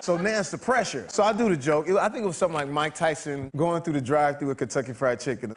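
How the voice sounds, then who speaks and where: Energetic man telling a comedy story. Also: a little high, fast, few pauses. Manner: energetic, doing voices mid-story. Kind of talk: talk show anecdote.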